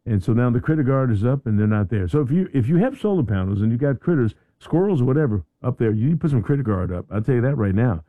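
A man's voice: mid-range voice, quick pace, hardly any pauses, no echo, narrow, tinny audio. A man hosting a radio talk show in a studio, chatting casually and often repeating words as he goes. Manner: animated, repeats words and restarts.

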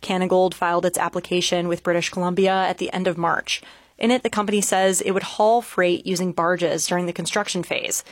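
A man reading a scripted radio news report in a measured, even way from a studio. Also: high voice, no room sound. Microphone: studio microphone.

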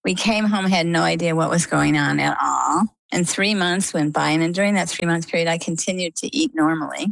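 An older woman with a low voice that has a gravelly edge. She is an interview guest telling her story in a chatty, lively way and acting out what people said to her. The sound is close and dry. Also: fairly quick, hardly any pauses, no room sound. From coastal Maine. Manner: chatty, vivid retelling with quoted dialogue. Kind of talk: conversational storytelling.

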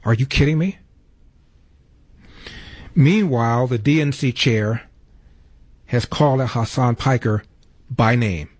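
A man hosting a talk radio show, giving sardonic commentary and reading ads in a brisk manner. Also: medium pitch, a little mellow, husky, no room sound. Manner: brisk, sardonic delivery with ad reads. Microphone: studio microphone.

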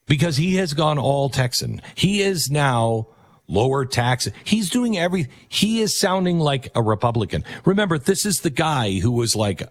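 A man's voice: medium pitch, sing-song, moderate pace. A man hosting a comic monologue in a joking, rambling manner. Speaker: comedy host.

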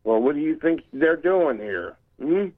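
A man's voice: a little high, lively intonation, husky. Indignant male caller on a tinny phone line. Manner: indignant, halting with many fillers. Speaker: radio call-in caller. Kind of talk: phone-in rant.

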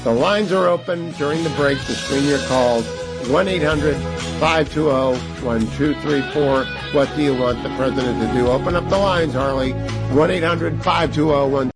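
A man hosting a talk radio show, making brisk, emphatic appeals to listeners with chatty asides. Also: fairly high pitch, music in the background, low-quality recording. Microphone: studio microphone.

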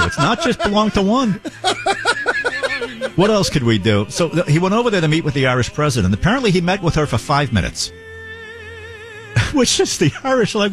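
A man's voice: sits high, huge pitch swings, a little fast, music in the background. A man hosting a show, giving joking political commentary and mocking impressions. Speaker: radio show host.

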